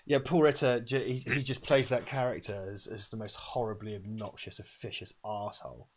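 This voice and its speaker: A man's voice: fairly low pitch, fairly even intonation, brisk, slight background noise. A man co-hosting a casual watch-party chat, rambling and swearing as he retells scenes with emphasis. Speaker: co-host. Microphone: lavalier.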